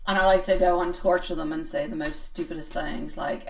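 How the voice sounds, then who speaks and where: A woman's voice: low-pitched, steady tone, fairly quick, vocal fry. Chatty woman tarot reader, distant mic. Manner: chatty, playful, self-mocking, answers chat comments. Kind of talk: live-stream tarot reading.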